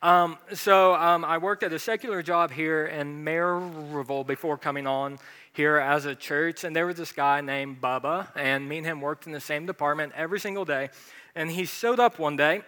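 A man's voice: fairly high pitch, normal speed, bright, forceful tone, clear, resonant tone, big-room sound. A male pastor giving a sermon through humorous, self-deprecating stories. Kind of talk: storytelling sermon.

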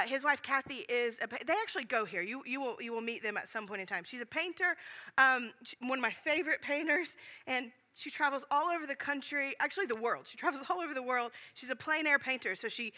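A woman's voice: high-pitched, pushed and bright. A woman pastor giving a sermon as a candid, conversational story, speaking straight to her listeners with self-deprecating asides.

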